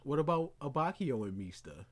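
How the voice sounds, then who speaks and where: A man co-hosting a casual commentary chat, loud and excitable, often mocking characters with put-on voices. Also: medium pitch, moderate pace. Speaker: co-host.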